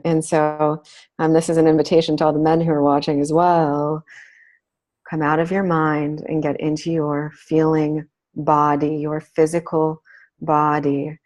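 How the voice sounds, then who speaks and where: A woman with a notably low voice hosting a spiritual teaching talk. She lingers on her words and draws each phrase out in a slow, deliberate rhythm. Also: a little mellow. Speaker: host.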